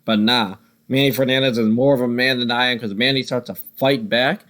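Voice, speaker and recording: A man recapping old wrestling matches in casual, profane commentary, his voice still a little hoarse and strained, with wry jokes. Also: mid-range voice, fairly even intonation, fairly quick, a bit bright. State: voice still recovering, slightly hoarse. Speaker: wrestling reviewer.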